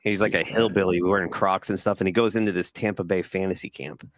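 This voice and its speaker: A man co-hosting a casual sports talk show, telling stories with animated quoted voices. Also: low voice, quick pace, dry recording. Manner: animated storyteller, acts out quotes. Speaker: podcast co-host.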